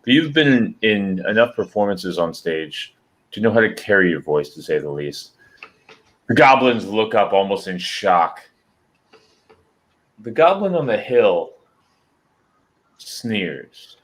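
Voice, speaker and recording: A man's voice: lowish voice, sing-song, a little slow, long pauses. A man narrating as game master of a tabletop game, describing scenes steadily.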